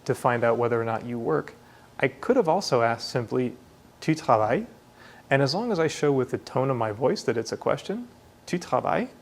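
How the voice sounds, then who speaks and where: A man's voice: medium pitch, lively intonation. Man explaining a language lesson. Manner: clear, explanatory, models pronunciations slowly. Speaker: language teacher. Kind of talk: scripted lesson narration.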